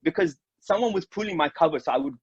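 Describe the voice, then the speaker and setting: A man from Mauritius telling stories in a relaxed, informal way, laughing now and then and calling people "bro". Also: fairly high pitch, quick pace, slightly rough, no room sound. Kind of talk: casual storytelling. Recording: dull lo-fi dry sound.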